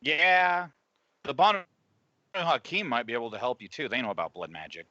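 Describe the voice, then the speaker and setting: A man playing a tabletop role-play game, talking in a calm, reassuring way. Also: medium pitch, moderate pace, no room sound. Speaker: player. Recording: dull dry mic.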